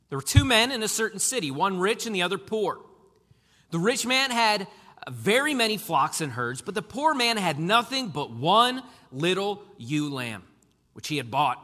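Male preacher, high bright voice, emphatic delivery, long hall reverb. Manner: animated, emphatic preaching with sudden loud and soft turns. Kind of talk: sermon.

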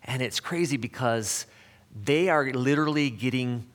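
A man preaching a sermon in a church sanctuary with a long, ringing reverb, his voice at an ordinary middle pitch. He talks in a conversational, halting way, full of ums and restarts, and sometimes sinks to a soft near-whisper to press a point.

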